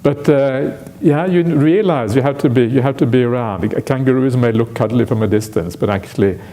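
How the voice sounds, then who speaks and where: A man giving a Buddhist dharma talk at a retreat, telling a story with many "uh" fillers and lively acted-out quotes. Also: medium pitch, fairly quick. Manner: frequent "uh" fillers, animated when acting out quotes. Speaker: Buddhist monk teaching a retreat. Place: retreat centre hall.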